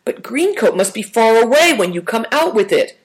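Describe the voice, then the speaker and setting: Thoughtful, cautious boy, measured , read by a woman. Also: a little high, big pitch swings, pitched above the performer's own voice, rough recording.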